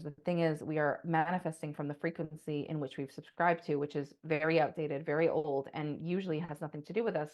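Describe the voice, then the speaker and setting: Woman on a podcast, kinda low voice, swearing a ton, rambling and fired up. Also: darkish tone. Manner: passionate, profane, rambling with many "like"s. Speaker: podcast co-host. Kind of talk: casual podcast monologue.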